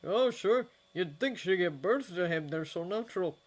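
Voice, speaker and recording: A woman voicing a brisk, sarcastic male wizard investigator in a fanfiction audiobook. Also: high voice, lively intonation. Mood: casual.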